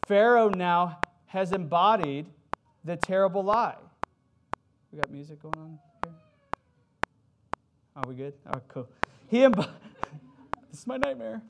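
A man's voice: high-pitched, lively intonation, measured pace, vocal fry, long pauses. A man preaching a sermon in a conversational way, with fillers and self-corrections, who reads scripture with rising emphasis. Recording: loud background noise.

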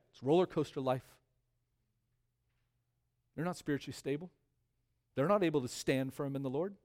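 A man serves as pastor and preaches a sermon in a voice on the high side. He stresses key words by repeating them, swinging between quiet drops and loud rises.

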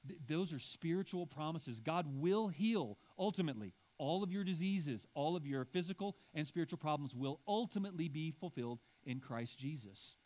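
Male pastor, middle-aged, mid-high voice, chatty and emphatic from the pulpit. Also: expressive, normal speed, hardly any pauses, darkish tone. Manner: conversational, emphatic preaching with asides to the congregation. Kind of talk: sermon.

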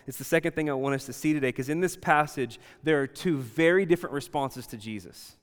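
A man preaching a sermon, animated, acting out quoted voices and dropping from loud to hushed. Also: medium pitch, brisk, hardly any pauses, in a large hall. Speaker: pastor.

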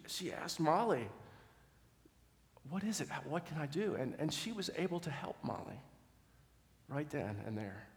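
A middle-aged man preaching a sermon, telling a story earnestly, often restarting words and dropping to a soft voice in quiet moments. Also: fairly high pitch, creaky. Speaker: pastor. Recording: long hall reverb.

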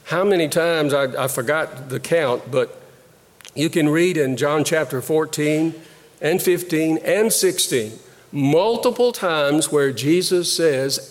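A man preaching a sermon, slow and deliberate, pausing and repeating phrases as he teaches. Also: on the high side, big-room sound. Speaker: pastor.

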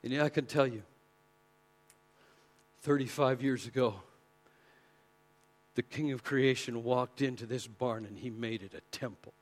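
A preacher speaking as a humble innkeeper who owns only a barn, giving an earnest first-person testimony. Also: male voice, medium pitch, fairly even intonation, a little slow, pauses often, voice pushed down, natural voice. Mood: hushed.

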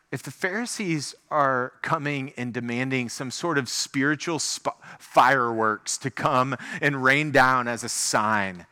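A man with a mid-range voice delivers an animated, conversational sermon full of rhetorical questions.

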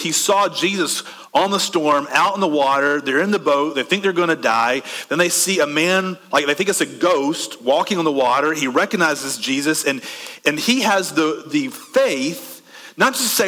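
A man preaching a sermon conversationally, asking the room questions and swinging between quick bursts and slow, soft stretches. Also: on the high side, expressive, big-room sound. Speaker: pastor.

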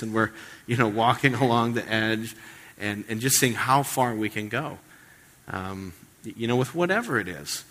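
A man's voice: lowish voice, moderate pace, a bit bright. A male pastor giving a conversational sermon, joking and acting out quoted voices. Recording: long hall reverb.

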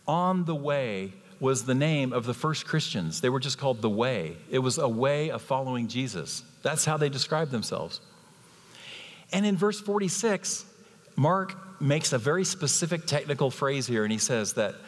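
A man's voice: medium pitch, in a large hall. A man preaching a sermon as a guest speaker, emphatic and fond of rhetorical questions.

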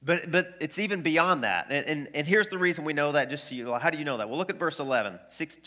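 A man preaches with lively, conversational energy, turning often to his congregation with questions. His voice sits a little high and rings bright and forceful. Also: fast. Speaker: pastor. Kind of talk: sermon.

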